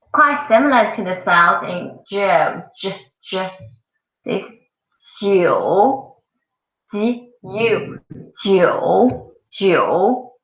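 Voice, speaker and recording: Woman teaching pupils, slow and echoey. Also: medium pitch, vocal fry, fairly bright tone. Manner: slow, repeats each sound many times for pupils. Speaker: Mandarin teacher. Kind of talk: classroom language lesson. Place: school classroom. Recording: far-off mic in an echoey classroom, dull sound.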